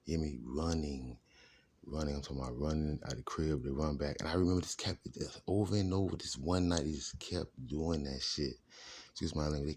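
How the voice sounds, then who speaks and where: A man with a very low, husky voice tells his own story in a casual monologue. He rambles, drifts between thoughts and often restarts his sentences. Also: a little mellow. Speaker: vlogger telling his life story.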